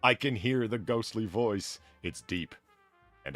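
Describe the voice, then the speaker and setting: A man's voice: fairly low pitch, lively intonation, measured pace, fairly bright tone, soft background music. A man hosting a casual podcast, chatting, reading out donations and laughing at his own jokes. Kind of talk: casual chat.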